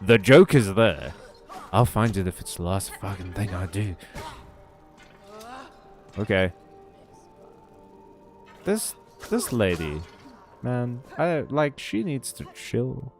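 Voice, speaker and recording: A man's voice: on the low side, very animated, takes it slowly, long pauses, darkish tone, soft background music. A young man streaming a game, joking and self-deprecating as he reads chat and swears freely. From South Africa. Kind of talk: casual game commentary and chat reading.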